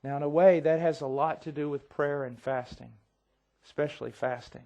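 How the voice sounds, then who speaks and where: A middle-aged man preaching a sermon, swinging from quiet intensity to near-shouting and acting out voices as he tells a story. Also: on the high side, fairly even intonation, moderate pace, creaky. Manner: acts out quoted voices.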